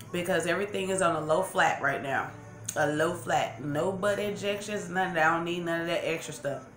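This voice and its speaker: Rambling eating-show vlogger, woman in her 40s, lowish voice, roomy sound. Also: a bit bright. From Los Angeles. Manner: rambling, chatty, self-correcting. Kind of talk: storytelling while eating on camera. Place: room at home, seated in a chair. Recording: roomy room with faint background music.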